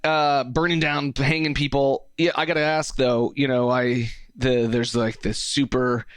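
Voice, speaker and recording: A man's voice: mid-range voice, level tone, fairly bright tone, clear, resonant tone, no echo. Jokey co-host man, dry and close. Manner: reactive, halting, jokey. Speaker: podcast co-host asking questions. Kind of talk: casual chat.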